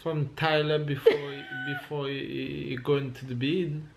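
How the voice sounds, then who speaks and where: A young French man with a French accent, chatting halting and teasing in a casual family vlog, full of fillers and restarts. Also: on the high side, steady tone, gravelly, a little hiss or hum. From France. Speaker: vlog co-host, husband.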